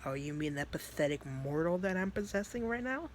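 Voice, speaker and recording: A man doing a quiet, cold-taunting demon. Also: sits high, animated, a little fast, slight background noise. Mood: menacing. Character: menacing male demon possessing a boy.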